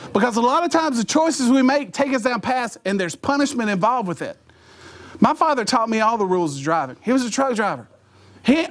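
Middle-aged guy, high voice, telling funny stories to a crowd, acts out voices and noises. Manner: animated, acts out voices and sound effects. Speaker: motivational speaker. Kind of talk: comic storytelling talk to an audience.

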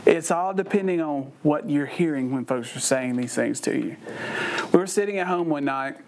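An older man, preaching through lively, folksy personal stories. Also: on the high side, moderate pace, slight background noise. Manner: animated, folksy storytelling with laughs. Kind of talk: storytelling sermon.

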